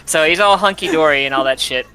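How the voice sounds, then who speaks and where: A man's voice: a little high, fast, bright, forceful tone, clear, resonant tone. A man casually retelling a game's story, rambling and swearing, often laughing. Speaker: host retelling a game's plot. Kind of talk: casual drunk chat.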